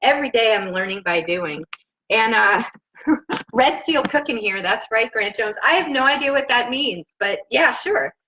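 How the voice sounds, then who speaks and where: A woman's voice: a little high, lively intonation, moderate pace, sharp tone, muffled recording, slight background noise. A woman hosting a casual cooking show from her home kitchen, rambling and laughing often as she cooks, recorded through a laptop microphone. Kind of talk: casual live cooking chat. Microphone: laptop mic.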